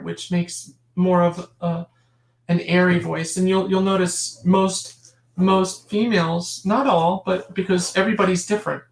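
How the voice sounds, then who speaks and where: Impassioned woman in an echoey room. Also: on the low side. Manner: emphatic and impassioned, with frequent restarts and asides. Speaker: guest. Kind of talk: casual interview conversation. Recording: roomy echo.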